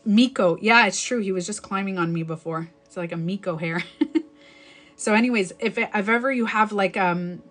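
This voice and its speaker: A woman's voice: mid-range voice, normal speed, fairly bright tone. A woman coaching viewers on a live stream, talking casually and repeating her points to encourage them. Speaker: breakup and self-love coach.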